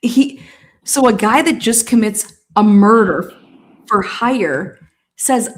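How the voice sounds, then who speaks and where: A woman's voice: on the high side, animated, slow. A woman hosting a trial commentary, reacting to courtroom video with constant swearing, laughter and outrage.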